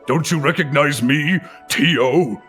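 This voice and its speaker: A man's voice: a little high, measured pace, a bit bright, faint music behind. A man voicing a solemn ancient divine wolf. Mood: musing. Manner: formal, archaic phrasing.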